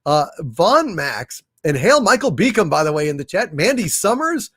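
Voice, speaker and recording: A man's voice: fairly high pitch, very animated, moderate pace, fairly bright tone, slightly rough, no room sound, clean studio sound. A man hosting a casual livestream, reading and answering viewer messages in a rambling way with many fillers and restarts, swearing when he rants. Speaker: livestream host reading viewer super chats. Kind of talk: casual live-stream chat.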